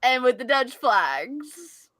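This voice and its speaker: Brief: female podcast co-host, high bright voice, giggly and teasing, lively pitch. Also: takes it slowly, no echo, studio quality. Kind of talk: casual chat.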